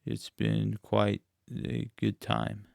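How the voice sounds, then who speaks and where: A man from Indianapolis, a playwright being interviewed, who tells absurd stories in a deadpan, matter-of-fact way. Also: fairly low pitch, extremely slow, gravelly, no room sound, clean studio sound. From Indianapolis, USA. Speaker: playwright guest.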